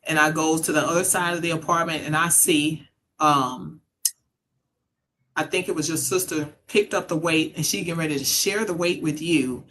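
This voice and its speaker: A woman's voice: low voice, fairly even intonation, moderate pace, fairly bright tone, a little hiss or hum. A middle-aged mother telling a personal story in a casual conversation, earnest and reflective. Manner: earnest, reflective, acts out quoted voices. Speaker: mother sharing her story.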